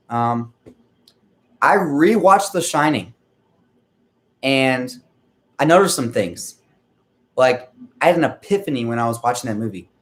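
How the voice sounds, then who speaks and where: A man rambling in a casual monologue, swearing a lot, full of fillers and frequent throat clearing. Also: mid-range voice. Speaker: vlogger.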